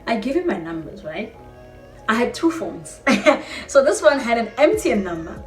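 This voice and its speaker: A young South African woman tells a storytime vlog in an animated, exclaiming way, her voice sitting a little high. She is recorded from a distance in an echoey room. Faint music plays underneath. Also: normal speed. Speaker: vlogger. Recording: roomy echo, distant mic, faint music.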